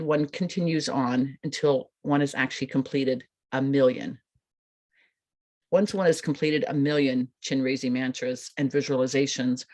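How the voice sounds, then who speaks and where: A woman teaching a meditation practice, speaking in a calm, unhurried and gentle way. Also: deep voice. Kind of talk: instructional talk.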